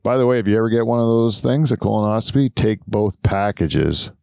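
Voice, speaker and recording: A man's voice: lowish voice, brisk, creaky, a little mellow, dry recording, studio quality. A Canadian man hosting a podcast, chatting casually and telling rambling, profane stories with laughs. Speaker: podcast host. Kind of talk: casual chat.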